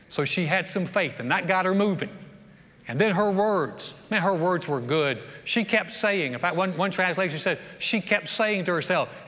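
A man's voice: high-pitched, normal speed, pushed and bright. A man preaching a sermon in a folksy, storytelling way, acting out quotes from the people in his story. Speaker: pastor. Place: church sanctuary. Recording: long church reverb.

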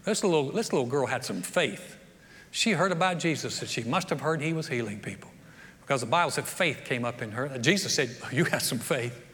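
A man's voice: medium pitch, lively intonation, a little fast, a bit bright. A man preaching a sermon in a folksy, storytelling way, acting out quotes from the people in his story. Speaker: pastor. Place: church sanctuary. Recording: long church reverb.

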